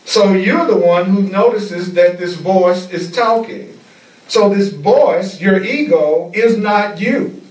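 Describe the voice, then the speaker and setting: Slow, deliberate male spiritual teacher. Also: sits high, a little mellow. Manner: slow, deliberate, repeats key phrases. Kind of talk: spiritual class lecture. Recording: echoey room, mic at a distance.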